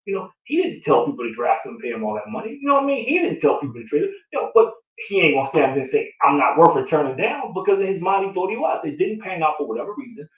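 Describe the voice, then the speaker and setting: A man's voice: a little high, racing, few pauses, recorded from a distance. A man in casual conversation, talking. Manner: animated, repetitive, rhetorical questions. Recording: roomy sound from off the mic.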